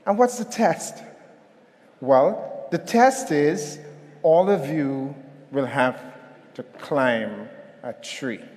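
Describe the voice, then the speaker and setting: A man's voice: on the high side, very slow, pauses often, in a large hall, slight background noise. A man giving a motivational keynote at a conference, telling a story and calling on the audience to respond. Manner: animated, storytelling, calls on the audience. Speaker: keynote speaker. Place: hotel conference hall.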